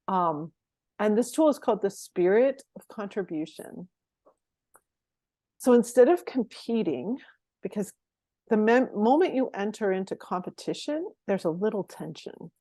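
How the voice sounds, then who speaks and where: A woman's voice: fairly low pitch, warm tone, dry recording. A middle-aged woman performance coach, telling stories as a guest in a conversational interview and laughing often between phrases.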